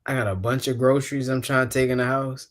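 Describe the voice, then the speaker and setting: A man's voice: mid-range voice, fairly even intonation, fast. A man hosting a casual podcast chat, explaining things in a loose, rambling way and laughing often. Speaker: podcast host.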